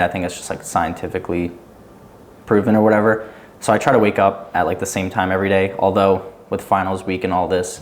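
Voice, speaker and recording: A young man chatting casually on a podcast, rambling loosely with lots of "like" fillers. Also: sits low. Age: young adult. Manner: rambling, loose, heavy use of "like". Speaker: guest.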